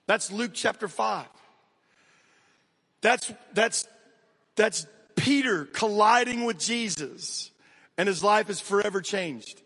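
An American man preaches a lively sermon in a fairly high voice, chatting straight at his listeners between points. His words ring out with a long reverb tail, as if spoken in a large hall. The delivery swings between quick bursts and slow, stressed phrases. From United States. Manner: energetic, conversational preaching with direct asides to the congregation. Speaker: pastor.

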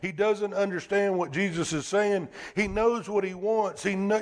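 A man's voice: high voice, steady tone, normal speed, hardly any pauses. A male preacher delivering a sermon in a conversational way, asking the congregation rhetorical questions.

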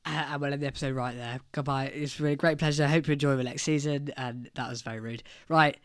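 A man's voice: medium pitch, fairly even intonation, fast talker, a little hiss or hum. A man co-hosting a podcast, telling a long joke in a playful, rambling way. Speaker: podcast co-host. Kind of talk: casual joke-telling chat.

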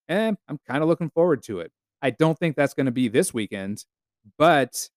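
A sarcastic man from the United States hosting a casual solo podcast, cursing freely and chuckling as he goes. His voice is smooth and clear. It sounds dry and close, with no room around it. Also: medium pitch, no room sound. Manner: sarcastic, profane, laughs often. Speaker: podcast host.

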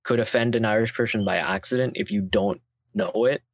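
A man co-hosting a podcast in casual chat, animated and wandering into loose historical asides. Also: mid-range voice, a little fast, gravelly, no echo. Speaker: podcast co-host.

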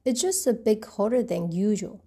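A woman's voice: medium pitch, sing-song, moderate pace, dark tone. A woman voicing a clever, playful male elephant in a storybook reading, upbeat and coaxing.

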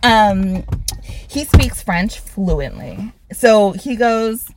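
Animated woman podcast co-host. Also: mid-range voice, noisy background. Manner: animated, laughs often, drawn-out emphasis. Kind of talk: casual chat.

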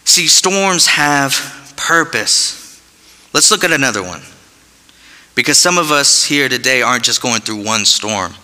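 A man preaches to his congregation in a loose, conversational way, full of folksy asides. His voice is very bright and forceful, and it rings out with a long reverb off the hall. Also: medium pitch, lively intonation, measured pace. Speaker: pastor. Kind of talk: sermon. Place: church sanctuary.

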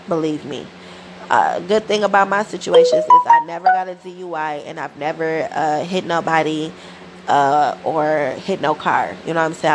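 Gravelly-voiced woman telling a profane story. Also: fairly low pitch, a little hiss or hum, low-quality recording. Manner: profane, animated storytelling with slang. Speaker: podcast host. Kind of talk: casual storytelling monologue.

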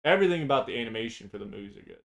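A man with a middle-pitched voice talks in a loose, casual back-and-forth. He is blunt and profane and ready with strong opinions. He tends to wander into long tangents. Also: lively intonation, rapid-fire, creaky, a bit bright. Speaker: podcast co-host. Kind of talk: casual chat.

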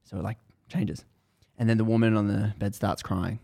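A man hosting a podcast, casually retelling a book's story in animated bursts that build tension. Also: lowish voice, normal speed, vocal fry. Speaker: podcast host. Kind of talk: casual book recap chat.

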